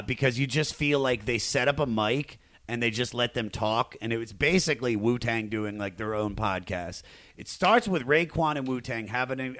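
A man's voice: medium pitch, fairly bright tone, dry recording. Man rambling as podcast host, dry sound. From Maryland, USA. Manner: rambling, self-interrupting, laughs easily. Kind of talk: casual chat.

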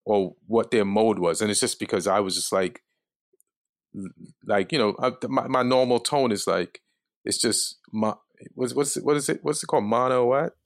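Low calm dude telling a story, kinda monotone, dry sound. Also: male voice, dry recording. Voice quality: calm, flat delivery. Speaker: comedian guest. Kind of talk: casual storytelling.

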